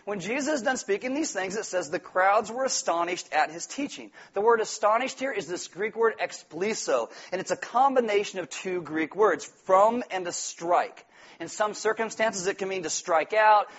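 A male pastor, around his forties, preaching an animated, joking sermon and acting out quotes in loud put-on voices. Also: sits high. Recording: dull lo-fi sound.

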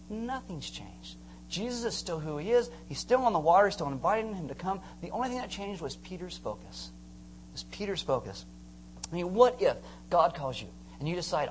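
Animated, joking pastor preaching. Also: medium pitch, slight background noise, rough recording. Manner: animated storytelling, acts out voices with humor; conversational, casual slang. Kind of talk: sermon.

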